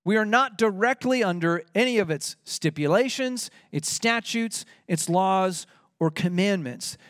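Man, pastor, sermon, high voice, dry close sound, emphatic on scripture. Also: lively intonation, unhurried, fairly bright tone, no room sound. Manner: emphatic preaching, rising on quoted scripture.

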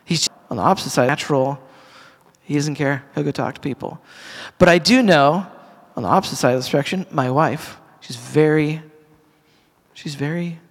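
A middle-aged pastor speaks to his congregation in an earnest, conversational way, often restarting his sentences and turning to ask the room questions. His voice sits a little high for a man. The sound carries the long reverb of a church hall. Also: moderate pace, husky. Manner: earnest, conversational, with frequent restarts and asides to the audience. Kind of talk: casual sermon to a congregation.

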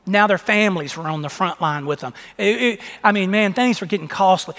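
A man's voice: high voice, brisk, fairly bright tone. A man preaching a sermon, emphatic, often repeating his phrases for emphasis. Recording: long echo of a large hall.

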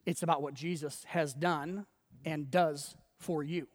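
A man's voice: on the high side, steady tone, measured pace, in a large hall. A man preaching a sermon in a conversational way, acting out quoted voices and laughing often. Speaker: pastor.

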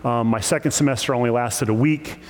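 A man preaching a sermon, lively and emphatic, with joking asides. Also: medium pitch, brisk, in a large hall. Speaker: pastor.

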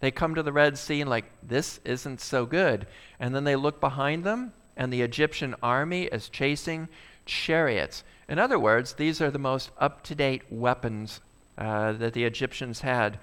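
A male pastor preaching a sermon, asking the congregation rhetorical questions and swinging between loud bursts and quiet asides. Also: mid-range voice, normal speed, clean tone.

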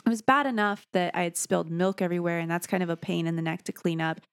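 A woman's voice: fairly low pitch, fast talker, clean tone, no echo, clean studio sound. A young woman co-hosting a podcast, telling a story in a casual, self-deprecating way, sleep-deprived as a new parent. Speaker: podcast co-host. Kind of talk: casual chat.

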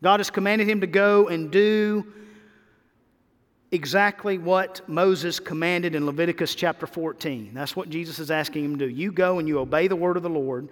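A man preaching a sermon as a pastor, swinging between loud emphasis and quick quiet stretches. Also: on the high side. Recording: long hall reverb.

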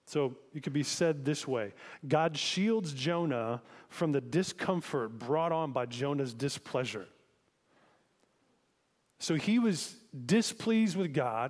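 A man's voice: a little high, a little mellow, in a large hall. A man preaching a sermon as pastor, in a conversational way, asking listeners reflective questions.

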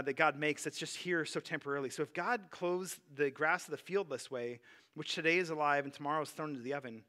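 A man preaching a sermon in a relaxed, conversational way, often stopping to restart a phrase. His voice is bright and sits a little high for a man. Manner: conversational, earnest, many fillers and restarts. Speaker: pastor.

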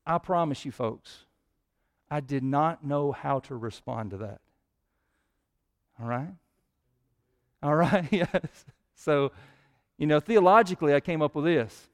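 A man preaching a sermon as pastor, his voice swelling louder and higher when he prays. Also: slow, pauses often.

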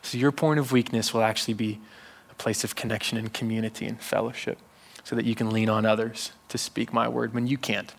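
Patient, soft-spoken God figure, voiced by a male preacher, lower and quieter than his own voice. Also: flat delivery, a little fast, gravelly. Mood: reassuring.

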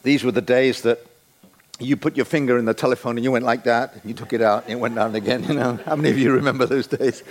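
A man in his sixties preaching a sermon in a church, playful and animated, acting out the voices he quotes. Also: medium pitch, quick pace. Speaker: guest preacher.

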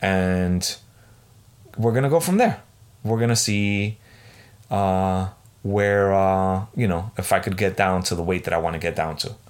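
A man's voice: low-pitched, measured pace, clear, resonant tone. Exasperated man ranting on a podcast. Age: 40s. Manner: swearing, exasperated storytelling. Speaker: podcast host. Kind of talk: solo podcast rant.

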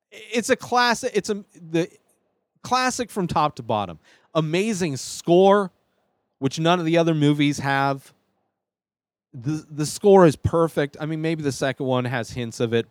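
A man's voice: mid-range voice, smooth, no room sound. A man hosting his own show, rambling enthusiastically through a casual ranking of films, with plenty of fillers and restarts. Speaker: show host. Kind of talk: casual film ranking monologue.

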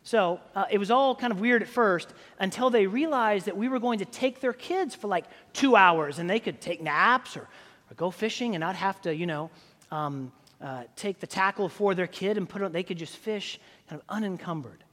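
High voiced guy preaching a sermon, chatty and rambling, lots of restarts, big echoey church reverb. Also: moderate pace, fairly bright tone. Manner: conversational storytelling with many fillers and restarts. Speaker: pastor.

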